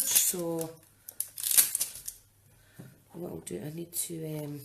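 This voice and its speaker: A woman's voice: deep voice, steady tone, slow, vocal fry, heavy background noise. A woman chatting casually and thinking aloud while demonstrating a card-making project. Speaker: craft demonstrator. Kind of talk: casual live-streamed craft demo.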